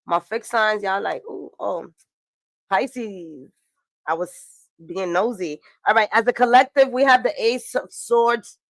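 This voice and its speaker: Her fairly high, bright voice comes through a dry, close recording with no room sound. This tarot reader chats casually through an astrology and tarot reading, swearing and laughing along the way.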